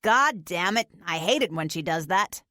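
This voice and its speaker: A worried, grumbling young husband, put on by a woman reader. His lines sit somewhat lower and go cautious and sullen. The sound is close and dry. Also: lively intonation, normal speed, sharp tone, no echo.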